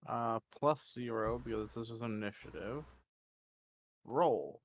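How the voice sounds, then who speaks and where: A man's voice: mid-range voice, takes it slowly, lo-fi sound. A man playing in a tabletop game, asking hesitant questions in casual chat. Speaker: player.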